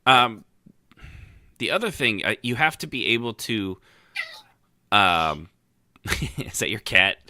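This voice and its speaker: A man's voice: on the low side, big pitch swings, takes it slowly, long pauses, bright, forceful tone, no echo, clean studio sound. A man co-hosting a podcast in casual chat, rambling with lots of fillers and restarts. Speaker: podcast co-host. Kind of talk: casual chat about roleplay.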